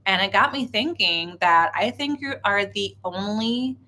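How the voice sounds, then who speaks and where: A woman's voice: mid-range voice, expressive, a little slow. A woman co-hosting a casual livestream from a hotel room, chatty and affectionate, rambling a little as she talks to viewers. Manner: warm-hearted, chatty, rambling. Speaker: co-host of a livestream watch party.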